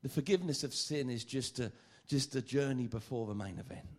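A man preaching a sermon, lively and joking, often stammering and repeating phrases. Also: medium pitch, fairly quick.

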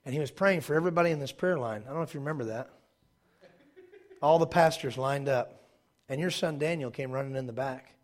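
A man's voice: medium pitch, fast talker. A male pastor preaching a sermon in a church, telling stories animatedly and leading the congregation in call-and-response. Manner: animated storytelling with shouted bursts and call-and-response.

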